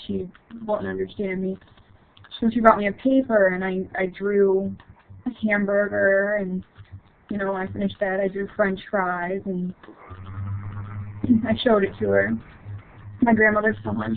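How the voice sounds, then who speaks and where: Woman storyteller, gravelly, halting short phrases; tinny phone-like recording. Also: mid-range voice, little pitch movement. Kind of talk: personal childhood story.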